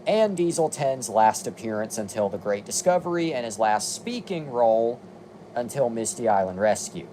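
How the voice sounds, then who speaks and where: A man's voice: medium pitch, lively intonation, normal speed, warm tone, a little hiss or hum. A young man giving casual review commentary, reading long lists with dry, exasperated asides. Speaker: video commentator.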